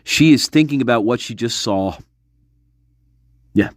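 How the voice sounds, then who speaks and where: A man's voice: medium pitch, expressive, unhurried, pauses often, no room sound, clean studio sound. A man talking to his viewers in a casual monologue, speculating intensely, repeating himself and swearing often. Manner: intense, repetitive, profane speculation. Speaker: online commentator.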